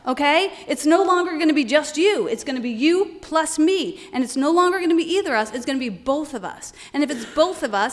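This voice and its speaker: A woman giving a lively, conversational sermon, telling personal stories and often laughing as she quotes people. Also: high voice, big-room sound.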